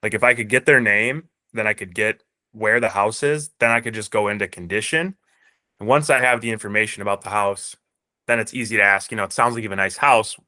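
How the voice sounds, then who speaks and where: Hesitant man with a bright voice. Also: on the low side, fairly quick. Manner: hesitant, self-doubting, thinks aloud. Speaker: real estate agent asking for advice. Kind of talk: casual chat.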